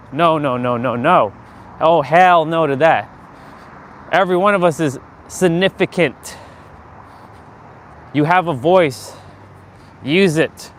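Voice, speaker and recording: A man's voice: fairly high pitch, slow, long pauses, slight background noise. A man hosting a casual motivational livestream outdoors, talking earnestly in a rambling way with many fillers and restarts. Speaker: live-stream host.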